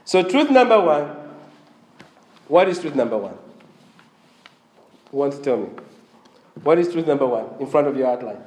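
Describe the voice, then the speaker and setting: A man's voice: fairly high pitch, sing-song, moderate pace, long pauses, darkish tone, reverberant. A man preaching a sermon, with a slightly strained voice, asking the congregation questions as he goes. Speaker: pastor.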